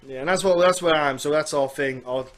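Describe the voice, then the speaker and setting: A man's voice: fairly high pitch, brisk. A man from the Isle of Man with a Manx accent, hosting a podcast interview in a chatty, rambling, self-deprecating way. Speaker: podcast host. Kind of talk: casual interview chat.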